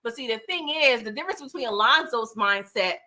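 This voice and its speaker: A woman with a bright, slightly high voice talks through a film scene by scene in a loose vlog style. She is chatty and animated, laughs often and throws in slangy asides. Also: brisk. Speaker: movie reviewer. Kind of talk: casual movie review vlog.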